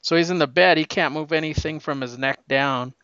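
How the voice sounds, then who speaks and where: A man recapping a comic issue in a casual, excited, rambling way, with lots of fillers. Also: a little high, brisk, clear, resonant tone, dry recording, dull audio. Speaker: comic book reviewer.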